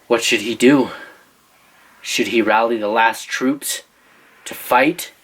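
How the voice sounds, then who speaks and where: Playful dad telling an improvised story. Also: male voice, medium pitch, takes it slowly, fairly bright tone, breathy edge, low-quality recording. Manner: playful, teasing, asks listeners for choices.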